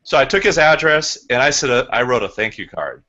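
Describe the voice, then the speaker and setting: A man's voice: medium pitch, expressive, brisk, pushed and bright, muffled recording. A man who is a real estate agent, telling a sales story in a training session and acting out phone calls.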